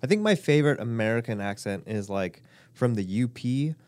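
A man's voice: mid-range voice, expressive, a little fast, a little mellow, no room sound. A man co-hosting a podcast, talking casually and hesitantly with many fillers. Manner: hesitant, filler-heavy listing. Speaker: podcast co-host.

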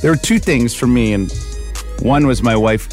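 A man's voice: mid-range voice, lively intonation, normal speed, darkish tone, faint music behind. A man co-hosting a morning radio show, telling easygoing personal anecdotes. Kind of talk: casual chat, storytelling.

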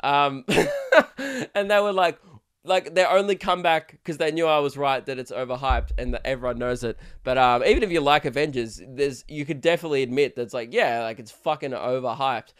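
Young male podcast host, crude and rambling, laughs a lot, raised pitch. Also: animated, fairly quick, clean tone. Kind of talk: casual solo podcast rant.

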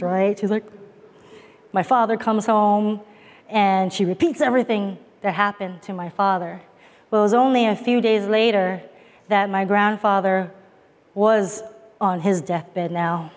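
A woman preaching a sermon, telling a family story in a slow, earnest, emphatic way. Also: mid-range voice, a little mellow. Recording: long hall reverb.

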